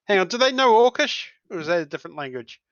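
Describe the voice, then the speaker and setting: Hesitant player, lively dull-toned voice. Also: medium pitch, fast, no echo. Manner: hesitant, many fillers. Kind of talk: casual tabletop play.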